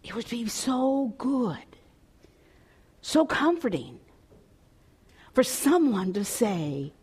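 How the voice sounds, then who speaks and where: A woman pastor delivers a storytelling sermon in an unhurried, measured way. Her voice sits a little on the high side. She is expressive, and at times she lowers to a soft, hushed tone. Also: slightly rough.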